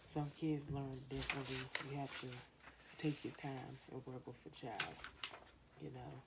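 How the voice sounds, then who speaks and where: Very low-voiced woman giving parenting advice. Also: level tone, unhurried, gravelly, heavy background noise. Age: 20s. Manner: earnest, repetitive, coaching other parents. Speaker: parenting vlogger. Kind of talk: casual how-to talk to camera.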